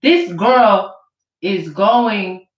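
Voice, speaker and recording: Drawing her words out in a medium-pitched voice, the woman vlogger mocks and accuses as she rants to camera, hammering the same points. It's captured with dull, distant, roomy camera sound.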